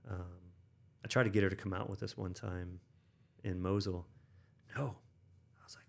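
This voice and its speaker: A man's voice: sits low, fairly even intonation, normal speed, gravelly, long pauses. A man in his thirties, an Army veteran and interview guest, telling stories in a rambling casual way full of fillers and restarts. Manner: rambling, many fillers and restarts, acts out quoted dialogue.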